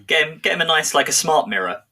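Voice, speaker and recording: A man's voice: fairly high pitch, lively intonation, quick pace, crowd noise. A man co-hosting a casual podcast, joking and mocking voices. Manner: jokey, mocks audiobook voices. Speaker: podcast co-host. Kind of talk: casual chat.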